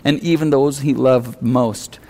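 A man preaching in a loose, chatty way, earnest about his message. His voice sits at an ordinary middle pitch for a man, and he slips into acted-out lines when he quotes someone. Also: steady tone, unhurried, a little mellow. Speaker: pastor. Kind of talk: conversational sermon.

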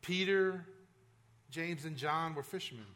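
Preaching in an unhurried way, this male pastor has a fairly bright voice that sits on the high side. His sermon is conversational and emphatic, full of restarts and side remarks to the congregation.

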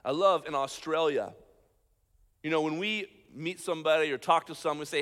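A man, a pastor, preaching a sermon with animated emphasis, swinging between loud points and quiet asides. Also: fairly high pitch, moderate pace. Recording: long hall reverb.

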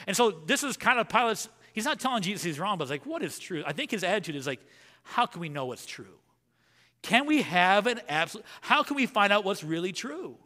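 A man preaching a sermon as pastor, animated, swinging between loud emphasis and hushed lines, and reading scripture slowly and deliberately. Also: a little high, in a large hall. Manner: reads scripture in a slow, measured voice.

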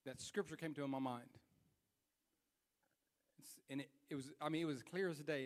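A young adult man preaching a sermon, telling a personal story in an animated way that swings between hushed self-scolding and loud retelling. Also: a little high, moderate pace, pauses often, big-room sound.

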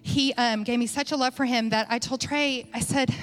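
A woman with a slightly high voice tells a story from the pulpit, talking casually and stopping often to restart her sentences. Soft music plays faintly behind her. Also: a little fast, few pauses. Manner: chatty, conversational, many fillers and restarts. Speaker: church speaker. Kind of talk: sermon storytelling.

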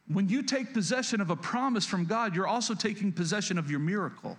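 A man's voice: high voice, brisk, a bit bright. A male pastor preaching a sermon, often repeating and restarting words and asking the congregation questions directly. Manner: repetitive, stammering restarts, addresses congregation directly.

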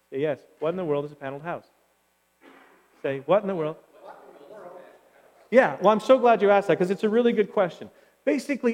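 High-voiced preacher in a reverberant hall. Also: male voice, darkish tone. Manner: conversational, asks the listeners many rhetorical questions. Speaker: pastor. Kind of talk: sermon. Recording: long reverb of a large hall.

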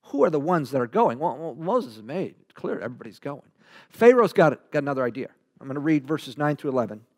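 A man preaching a verse-by-verse Bible sermon, animated and full of rhetorical questions, dropping from loud to hushed. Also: a little high, quick pace, dry recording, clean studio sound.

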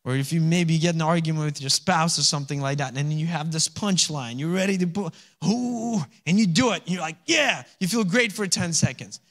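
High-voiced pastor preaching conversationally. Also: male voice, a little fast, few pauses. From Alaska. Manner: conversational preaching, acts out little voices and laughs; rising to loud exhortation. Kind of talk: sermon.

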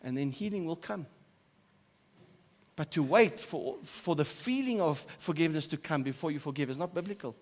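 Man, pastor, sermon, high voice, loud emphasis and soft asides, long hall reverb. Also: normal speed. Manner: animated preaching that swings from loud emphasis to quiet, soft asides.

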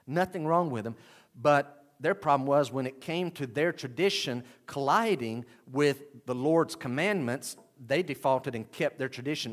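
Emphatic male preacher. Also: mid-range voice. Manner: emphatic, voices the people in the passage. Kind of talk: expository sermon.

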